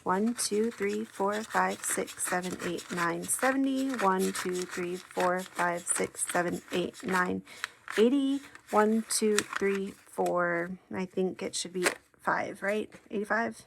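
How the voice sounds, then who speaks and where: A woman talks at an unhurried pace, counting bills out loud in a chatty, upbeat way. A faint hiss of background noise sits under her voice. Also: mid-range voice, creaky. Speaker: savings challenge creator. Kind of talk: casual chat while counting cash.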